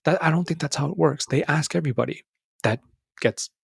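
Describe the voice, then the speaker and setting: Young man, podcast host, husky tone, fairly high voice, casual earnest pep talk, calls the listener brother. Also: brisk, no room sound, studio quality. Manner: casual and earnest, calls listener brother and bro, pitch jumps when emphatic. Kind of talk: motivational monologue.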